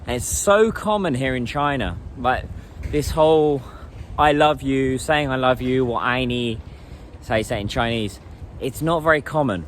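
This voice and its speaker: A man vlogging in a relaxed, chatty way, musing out loud. He speaks at a medium pitch, and a little street traffic hums faintly behind him. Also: moderate pace. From England. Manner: chatty and reflective, laughs while asking strangers questions in simple Mandarin. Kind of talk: casual vlog talk.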